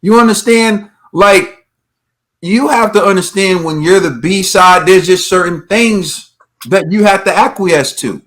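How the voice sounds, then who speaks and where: High-voiced man ranting emphatically. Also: a little slow, fairly bright tone. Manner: emphatic, repetitive rhetorical questions. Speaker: boxing podcast co-host. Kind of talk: heated opinion rant.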